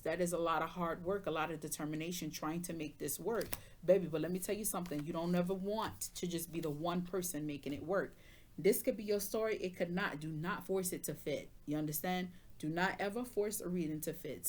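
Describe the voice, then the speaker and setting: A woman giving a casual tarot reading, sassy and chatty, talking straight to the viewer in loose slang and asking if they understand. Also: on the low side. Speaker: tarot reader.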